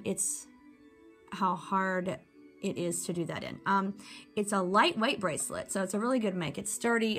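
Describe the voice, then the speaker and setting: A woman's voice: mid-range voice, fairly bright tone. A woman giving a casual, rambling jewelry review, talking to her viewers with lots of ums and asides. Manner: chatty, rambling with many ums.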